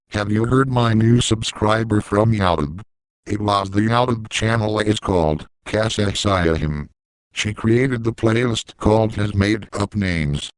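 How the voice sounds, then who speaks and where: A man in a hotel room chatting casually and prompting his friend to read, in a slow, deliberate way. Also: fairly low pitch, smooth, no echo, poor audio. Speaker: co-host prompting the reader. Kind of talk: casual chat.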